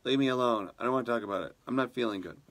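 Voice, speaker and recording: Brief: a weary male fisherman from a fable, blunt and defensive, as a man plays him, with a slightly gravelly voice. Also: mid-range voice, very fast, a bit bright, natural voice. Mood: irritable. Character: stubborn, troubled male fisherman.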